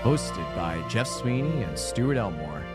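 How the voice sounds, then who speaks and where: A man voicing a grand, slow male show announcer who introduces the podcast over intro music. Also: on the low side, very animated, voice pushed down. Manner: drawn-out announcer delivery. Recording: loud music bed under the voice. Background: loud intro music.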